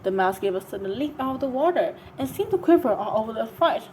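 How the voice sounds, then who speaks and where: A woman's voice: fairly high pitch, lively intonation, fast, a little mellow, slight background noise, rough recording. A woman reading a storybook aloud, narrating with some stumbles. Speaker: reader.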